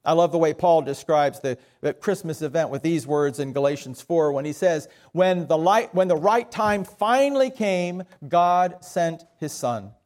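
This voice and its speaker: A man's voice: fairly high pitch, normal speed, few pauses, a little mellow. A middle-aged man with a Southern US accent preaching a sermon as pastor, folksy and self-deprecating.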